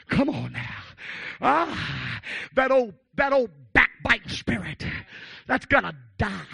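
High, gravelly shouting preacher man. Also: very animated, slow, no echo. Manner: exclaims, shouts and calls out to the congregation. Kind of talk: fervent holiness sermon.

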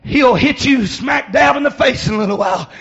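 A man preaching a shouted sermon in church, whooping and calling on the congregation to respond. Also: extremely high pitch, fairly quick, lo-fi sound. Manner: hollers and whoops, calls for response. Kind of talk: shouted Pentecostal-style sermon with storytelling.

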